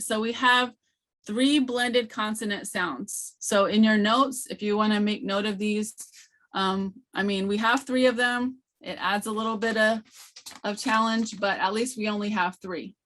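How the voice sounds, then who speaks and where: A woman leads an online training session for teachers and explains each sound patiently. She talks slowly and fills her pauses with many "um"s. Her voice comes through a computer mic on a video call. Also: medium pitch, steady tone, a bit bright.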